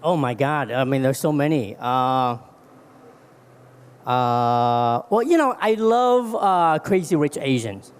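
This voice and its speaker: A man's voice: medium pitch, lively intonation, takes it slowly, clean tone. A man answering on a convention panel, hesitant, with many fillers and restarts. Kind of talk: casual panel chat.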